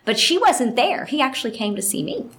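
A woman's voice: high voice, very animated, a little fast, over a noisy crowd. A woman voice actress telling a rambling story in a casual interview, full of fillers and asides. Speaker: voice actress guest.

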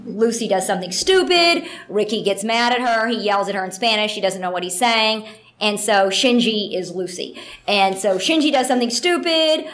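Chatty woman voice actress. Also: medium pitch. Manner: chatty, animated, many fillers. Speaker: voice actress interviewee. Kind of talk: casual interview anecdotes.

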